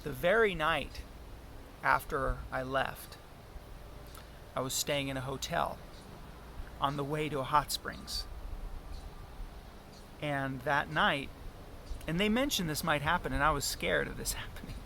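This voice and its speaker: A man telling a personal story in a halting, earnest way, often restarting his sentences. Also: a little high, creaky, bright, forceful tone, a little hiss or hum.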